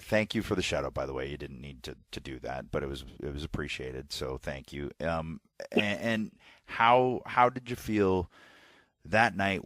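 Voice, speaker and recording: A man hosting a podcast, asking questions in a relaxed, friendly way. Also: sits low, no echo, studio quality. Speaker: podcast host. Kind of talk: casual interview.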